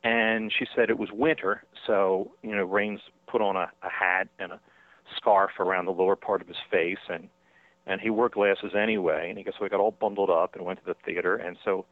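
Deep-voiced author guy on the phone, lots of you-knows and restarts, dry tinny line. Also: fairly even intonation, dry recording. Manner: halting, many fillers and restarts. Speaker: author and guest. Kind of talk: phone interview.

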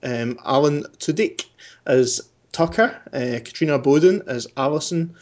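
A man's voice: on the high side, unhurried, darkish tone, dull audio. A man hosting a podcast, chatting casually and rambling with many fillers. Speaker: podcast host.

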